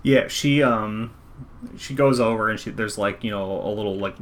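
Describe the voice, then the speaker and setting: A man's voice: on the low side, normal speed. A man narrating as game master, talking loosely with many fillers.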